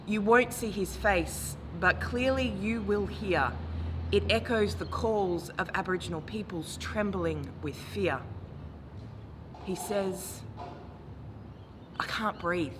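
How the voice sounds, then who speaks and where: A woman in her forties performing a spoken word poem with a measured, grave delivery that rises to impassioned calls. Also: medium pitch. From Australia. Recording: noisy recording with traffic ambience.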